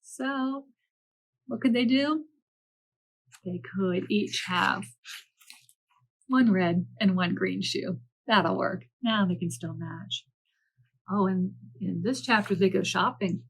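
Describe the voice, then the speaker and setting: A woman librarian reading picture books aloud to children, gentle and animated, with chatty asides to the listener. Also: mid-range voice, slow pace, creaky, pauses often, slightly rough. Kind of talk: picture-book read-aloud.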